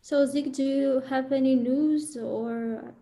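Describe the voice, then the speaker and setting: Mellow-voiced woman chatting on a video call. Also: high voice, steady tone, takes it slowly, a little hiss or hum. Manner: chatty, searching for words. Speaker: new translation proofreader. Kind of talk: casual video call chat.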